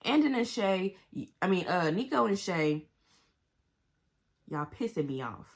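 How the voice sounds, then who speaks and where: A woman vlogging a blunt, profane, animated book review in casual slang. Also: medium pitch, moderate pace, long pauses. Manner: talks to herself and the viewers with slang.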